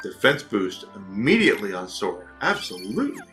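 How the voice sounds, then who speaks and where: A chatty, excitable young man giving casual commentary while playing a video game. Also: on the low side, brisk, faint music behind. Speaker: gaming video host. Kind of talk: casual let's-play commentary.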